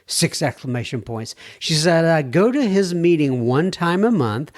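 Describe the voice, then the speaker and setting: A man's voice: a little high, very animated, normal speed. A man with an American accent hosting a podcast, reading listener letters aloud with chuckling asides. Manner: warm, chuckling asides between read passages. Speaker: podcast host.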